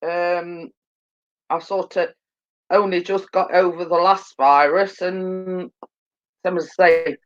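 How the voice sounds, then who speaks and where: Woman host, tired with a cold, slow rambling chat, muffled lo-fi phone sound. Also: fairly low pitch, steady tone. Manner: rambling, filler-heavy, repeats "as I say". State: tired and yawning, coming down with a cold. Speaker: livestream host. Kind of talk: casual chat.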